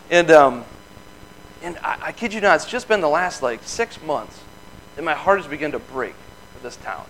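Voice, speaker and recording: A man in his thirties from the Midwest giving an informal testimony at a church, telling a story in an earnest, folksy way with quick laughs. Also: on the high side, fairly bright tone, slight background noise, low-quality recording. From Michigan. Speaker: lay speaker giving testimony.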